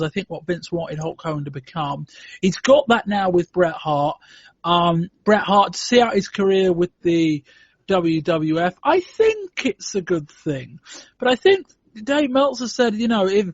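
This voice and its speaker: A man's voice: sits high, husky, no room sound. A man hosting a podcast in casual discussion, thinking aloud with frequent "um"s and restarts. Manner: thoughtful, hedging with frequent "um" and restarts. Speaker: podcast host. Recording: dull lo-fi podcast audio.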